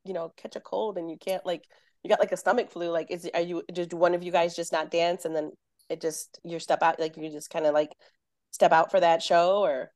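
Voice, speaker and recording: A woman's voice: fairly low pitch, little pitch movement, brisk, a little mellow. A woman interviewer asking rambling, hesitant questions in a casual chat.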